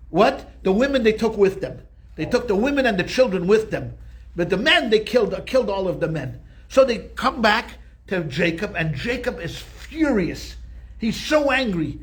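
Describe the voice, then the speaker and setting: A male rabbi teaching a Torah class, telling the story in an animated, conversational way with frequent restarts. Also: sits high, normal speed.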